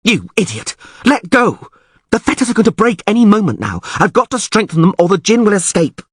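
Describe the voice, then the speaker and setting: Man doing a shrill furious sorceress. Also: big pitch swings, a little fast, slightly rough, no echo, clean studio sound, heavily acted. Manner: screaming, shrill insults. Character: furious young sorceress woman, fiery.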